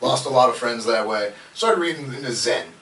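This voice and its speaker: A candid man chatting casually on a podcast, his mid-pitched voice heard from a little way off the mic. The room gives it a clear echo, with a faint hiss underneath. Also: animated, a little fast, a bit bright, far from the mic. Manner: storytelling, candid, swears freely. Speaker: podcast co-host. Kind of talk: casual chat.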